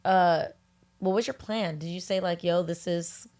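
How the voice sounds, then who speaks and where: A woman's voice: on the low side, steady tone, a little slow, darkish tone. A woman hosting a podcast, asking questions in a casual, engaged way and often finishing her guest's sentences. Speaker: podcast host. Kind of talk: casual interview.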